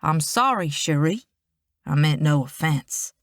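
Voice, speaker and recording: A woman's voice: sits low, expressive, measured pace, no echo, studio quality. A woman voicing a greasy, sly male carnival game vendor with a Cajun accent. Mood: apologetic.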